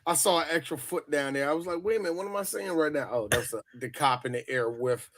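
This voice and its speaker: A man co-hosting a podcast, excitable in casual chat and repeating words as he restarts his sentences. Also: a little high, quick pace, a loud crowd. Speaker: podcast co-host.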